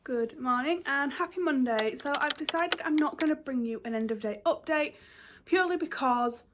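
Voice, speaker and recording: A woman's voice: sits high, moderate pace. A woman, talking casually to camera as a book vlogger, chatty and a bit rambling. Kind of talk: casual vlog chat.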